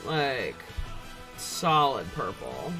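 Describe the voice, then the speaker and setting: A man streaming while painting miniatures, chatting casually in a rambling, relaxed way with many hesitations. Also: mid-range voice, drawn-out words, over music.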